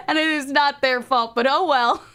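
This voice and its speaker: A woman's voice: sits high, lively intonation, a little slow, sharp tone. A young woman from the New York area, rambling casually on a stream, swearing and laughing. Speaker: vtuber streamer.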